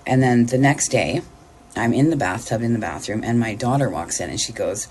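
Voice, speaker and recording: A woman's voice: a bass voice, moderate pace, darkish tone, a little hiss or hum. A middle-aged woman telling a personal story in a candid, blunt way, swearing freely.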